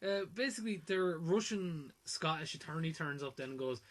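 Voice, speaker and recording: A man's voice: fairly high pitch, lively intonation, moderate pace. A man co-hosting a casual film-review podcast, rambling and profane, who slips into mocking voices to act out scenes. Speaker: podcast co-host.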